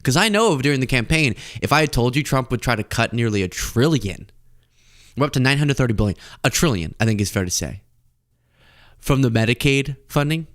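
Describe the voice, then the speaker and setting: A young male host delivering comedic political commentary, his pitch swinging widely as he talks. He is animated and theatrical, acting out scenes mid-thought with loose, casual phrasing. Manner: animated, acts out scenes with voices.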